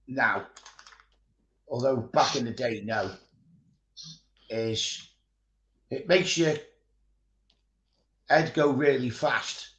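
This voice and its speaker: A man's voice: medium pitch, a bit bright, reverberant, rough recording. A man with a Scouse accent chatting casually while painting miniatures, rambling into stories and swearing freely. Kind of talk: casual chat.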